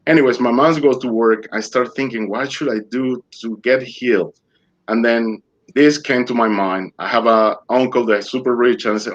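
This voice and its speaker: Male guest, storyteller in non-native English, animated, slips into the voices of the people in his story. Dull, lo-fi remote-call sound. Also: medium pitch, normal speed. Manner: animated, acts out dialogue in other voices. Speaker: interview guest. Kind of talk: personal storytelling. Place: remote online interview.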